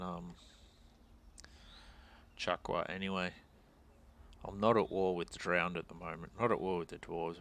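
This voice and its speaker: Deep gravelly gamer muttering along. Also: male voice, a bit bright. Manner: muttering, thinking aloud, self-deprecating. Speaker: gaming channel host. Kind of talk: strategy game commentary.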